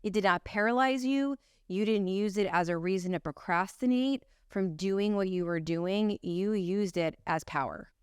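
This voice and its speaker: A woman hosting a podcast, talking casually and emphatically, quick to agree, sometimes swearing. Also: medium pitch, clear, resonant tone, no room sound, studio quality. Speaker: podcast host.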